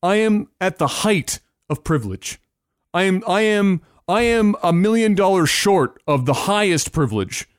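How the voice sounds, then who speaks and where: High-voiced ranting podcast man. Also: animated, moderate pace, smooth, no echo, studio quality. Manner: emphatic, ranting, repeats words while searching; swears freely. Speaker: podcast co-host. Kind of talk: casual chat.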